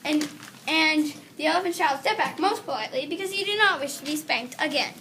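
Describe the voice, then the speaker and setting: A woman teacher reading a children's story aloud, pausing now and then to correct herself. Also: high voice, lively intonation. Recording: distant mic with faint background hiss.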